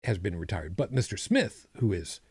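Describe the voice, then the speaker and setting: A man's voice: sits low, expressive, normal speed, darkish tone, breathy edge, dry recording. A man co-hosting a podcast, chatting casually with a rambling, self-correcting manner and dry humor. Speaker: podcast co-host. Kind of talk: casual chat.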